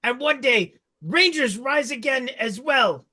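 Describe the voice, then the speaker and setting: A man voicing a sentimental goblin king giving a slow, earnest speech. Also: extremely high pitch, expressive, pushed and bright, pitched above the performer's own voice, heavily acted. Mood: proud.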